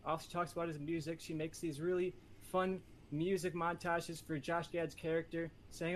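A man pitching a movie on a casual podcast, talking in a playful, rambling, competitive way. His voice sits slightly higher than most men's. Faint ambient hum runs behind him. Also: level tone, moderate pace, few pauses. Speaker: podcast panelist. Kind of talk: casual chat.

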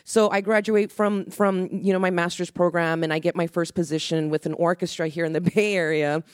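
A woman's voice: lowish voice, fairly even intonation, a little fast, smooth, no room sound. A middle-aged woman from Mexico, an orchestra conductor on a discussion panel, telling a story animatedly and acting out the voices in it.

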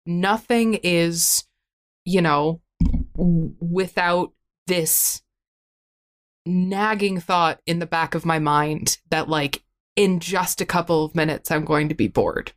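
A woman's voice: lowish voice, takes it slowly. A woman talking candidly and tearfully in a therapy-style conversation, rambling with frequent "like" and frequent swearing, self-critical.

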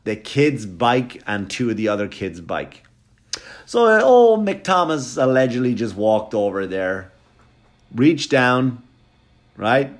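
Fast-talking, profane male comedian. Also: mid-range voice, sing-song. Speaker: stand-up comedian. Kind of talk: stand-up storytelling.

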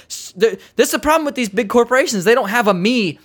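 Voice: mid-range voice, very animated, fast talker. A comedian delivering an exasperated, profane comedic rant, talking casually and sarcastically to listeners.

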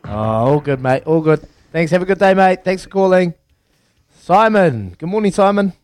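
A New Zealand man runs a call-in quiz on morning radio, upbeat and teasing. His voice sits a touch high for a man. The studio sound is dry and close. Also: expressive, moderate pace, darkish tone, no echo. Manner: upbeat, counts down and teases callers. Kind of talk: breakfast radio quiz banter.

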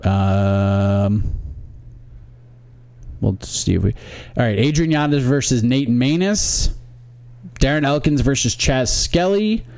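A man's voice: mid-range voice, animated, slow pace, long pauses, a little mellow, no room sound. A man co-hosting a casual sports podcast, wryly reading listener emails aloud. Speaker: podcast co-host.

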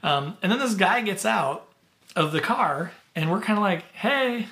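A man's voice: sits high, lively intonation, normal speed, sharp tone. A middle-aged man hosting his podcast, telling stories casually with lots of fillers and easy laughs. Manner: chatty, filler-heavy, laughs easily. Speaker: podcast host. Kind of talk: casual storytelling.

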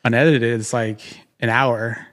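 A man's voice: medium pitch, steady tone, normal speed, a bit bright. A man co-hosting a podcast, talking casually and rambling with lots of fillers while acting out his own thoughts. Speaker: podcast co-host and writer.

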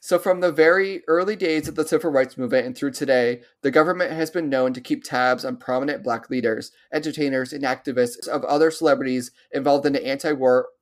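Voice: medium pitch, a little fast, few pauses. A podcast co-host telling a news story in a casual, joking way, with "I mean" and "like" along the way.

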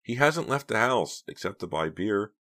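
An excitable teenage boy voiced by a man in an audiobook, pitched high and loud. He blurts his lines out eagerly. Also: normal speed.

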